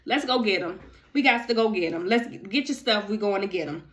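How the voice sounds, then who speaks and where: A woman voicing a panicked, indignant ancient king, ranting fast in slangy speech. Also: medium pitch, lively intonation, fairly bright tone, natural voice, poor audio. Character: panicked, indignant Egyptian king, male adult.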